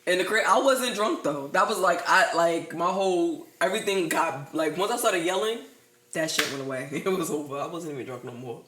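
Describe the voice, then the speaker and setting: A young woman, co-hosting a podcast, telling stories in an animated, profane way and laughing through them. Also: on the low side, fairly quick, noisy background. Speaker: podcast co-host. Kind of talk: casual storytelling chat. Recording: echoey room.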